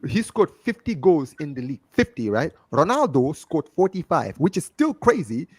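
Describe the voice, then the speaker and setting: A man's voice: fairly high pitch, huge pitch swings, normal speed, husky, dry recording. A man with a London accent hosting a football fan livestream, talking emphatically and circling back to his point. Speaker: host of a football fan show. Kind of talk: casual group chat on a livestream.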